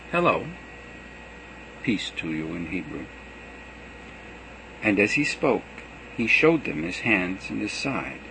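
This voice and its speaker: Expressive low-voiced male scripture reader. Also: gravelly, a little hiss or hum, low-quality recording. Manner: expressive storytelling reading. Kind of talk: dramatic scripture reading.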